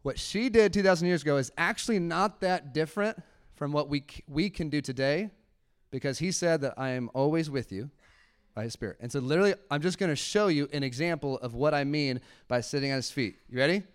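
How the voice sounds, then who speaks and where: A young man with a smooth, clear voice preaches a relaxed sermon to a congregation. He is conversational and playful, laughs easily, and slips into a soft, hushed tone when he demonstrates quiet prayer. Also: on the high side, a little fast. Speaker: pastor. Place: church sanctuary before a congregation.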